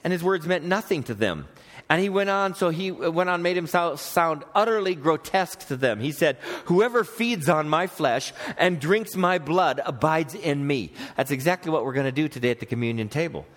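A middle-aged man preaching to his congregation with a slightly high-pitched voice. He talks in an easy, conversational way, reads scripture aloud and stops to ask the room questions. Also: lively intonation, normal speed, a bit bright. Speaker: pastor. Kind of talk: sermon. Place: church sanctuary.

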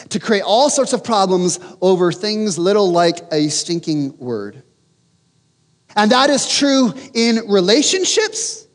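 A man delivers a sermon in a church. His high voice leaps around as he tells a self-mocking story. A long reverb trails behind every line. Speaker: pastor.

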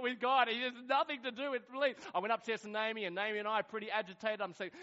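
A man with a high voice delivers a sermon as a lively story. He acts out what everyone said, swinging from loud, excited outbursts to hushed, quiet moments. The recording sounds a little dull and lo-fi. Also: fast talker, few pauses. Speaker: pastor.

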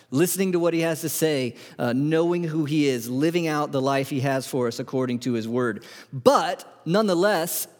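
A man preaching a conversational sermon as pastor, asking his listeners many rhetorical questions and often restarting words. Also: a little high. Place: church sanctuary. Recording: long hall reverb.

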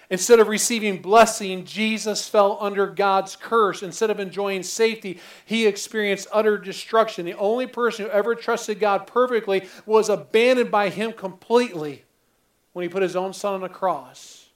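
High-voiced preaching man. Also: normal speed. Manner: earnest preaching, repeats phrases, stammered starts. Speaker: pastor. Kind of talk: sermon.

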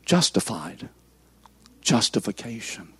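An older man in his seventies preaches a sermon in a husky voice that swoops up and down. He keeps firing questions at his listeners and waiting for their answers. The sound is dry and close. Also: fairly low pitch, very animated, slow, a bit bright, no echo. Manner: quizzes the congregation with questions. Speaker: pastor. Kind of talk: interactive sermon.

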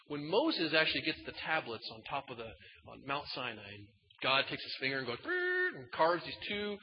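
A man preaching a sermon in a casual, folksy way, swinging between loud emphatic bursts and quiet asides. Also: medium pitch. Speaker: pastor. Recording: dull sound in a large reverberant hall.

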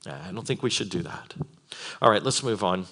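A man teaching a Bible conference session, earnest and building from quiet reflection to fervent emphasis. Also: fairly low pitch, moderate pace.

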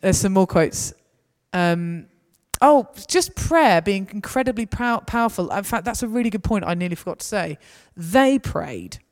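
Woman speaker, lively anecdotal delivery, mid pitch, long hall reverb. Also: normal speed. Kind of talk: talk.

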